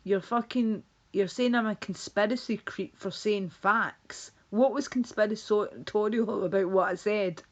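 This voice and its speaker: A woman's voice: medium pitch, unhurried, few pauses, lo-fi sound. A woman streaming live, casually chatting with viewers in a blunt, sweary, teasing way.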